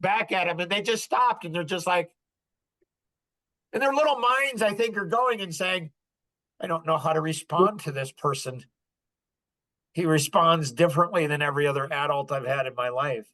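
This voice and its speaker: An older man hosting a podcast, telling stories to a group in an animated way and acting out quotes with sudden loud bursts. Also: a little high, normal speed, pauses often, poor audio. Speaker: podcast host. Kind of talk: storytelling to a live group.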